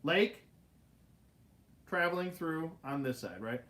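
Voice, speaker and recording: A man hosting a casual livestream, telling stories in an animated way with laughs and swearing. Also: on the high side, slow. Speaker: livestream host. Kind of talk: casual storytelling chat.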